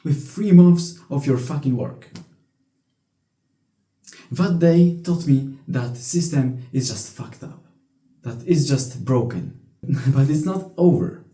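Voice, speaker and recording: Young man ranting, very dark tone. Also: medium pitch, animated, slow pace, pauses often. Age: young adult. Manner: blunt, profane, frequent restarts. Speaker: vlogger. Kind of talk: casual storytelling rant. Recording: echoey room.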